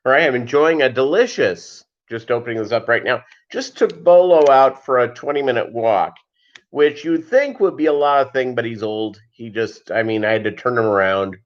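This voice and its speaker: A man's voice: mid-range voice, lively intonation, normal speed, highs cut off. A man hosting a casual livestream, greeting viewers by name and rambling with lots of fillers. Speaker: fishkeeping livestream host.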